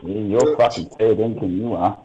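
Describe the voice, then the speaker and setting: Swearing australian guy on a video call, dull lo-fi sound, relaxed tone. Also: lowish voice, normal speed. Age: 40s. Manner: crude, swearing, joking. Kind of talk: casual banter on a video call.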